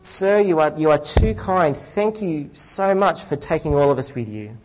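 A man's voice: a little high, lively intonation, normal speed, a little mellow, natural voice. A man voicing a poor, hungry man by the road, humble and pleading, in a joke told during a sermon.

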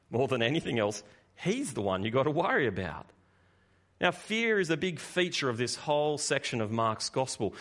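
A man preaching a sermon, animated and conversational, swinging between loud emphasis and quiet asides. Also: medium pitch.

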